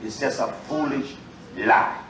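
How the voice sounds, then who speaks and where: A man preaching a sermon to a congregation in a loose, animated street style, with sudden loud outbursts and asides. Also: medium pitch, unhurried, slight background noise. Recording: roomy echo, mic far off, faint ambience.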